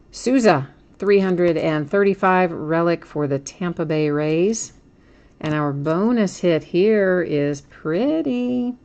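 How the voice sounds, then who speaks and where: A woman's voice: on the low side, a little mellow. A woman hosting a card break, chatting casually as she names each card she pulls and laughs at her own slips.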